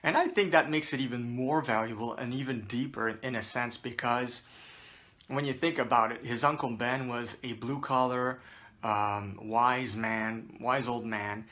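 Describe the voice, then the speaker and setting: Bright-voiced chatty man hosting. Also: medium pitch, steady tone, measured pace. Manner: chatty, rambling, frequent fillers and restarts. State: out of breath. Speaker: host. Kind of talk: casual to-camera commentary.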